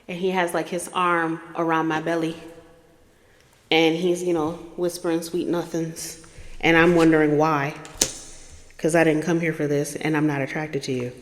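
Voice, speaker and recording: A woman hosting a storytelling podcast who acts out the dialogue in her story and swings between loud bursts and hushed asides. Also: deep voice, fairly even intonation, a little slow, in a large hall. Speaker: podcast host.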